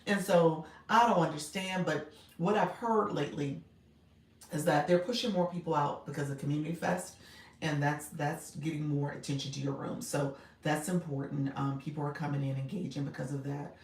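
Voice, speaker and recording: A woman's voice: deep voice, steady tone, moderate pace, reverberant, distant mic. A woman, chatting casually on her livestream, giggly and chatty as she answers viewers. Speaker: livestream host and coach.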